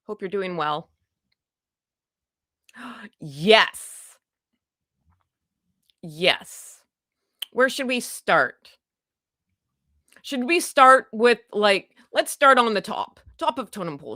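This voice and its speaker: A loud, chatty woman from Canada hosts a casual home livestream, greeting her viewers one by one and poking fun at herself. Her voice is bright and forward. The sound is dry and close to the mic. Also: mid-range voice, lively intonation, moderate pace, no echo. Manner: chatty, greets viewers by name, self-deprecating. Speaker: livestream host. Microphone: desk microphone.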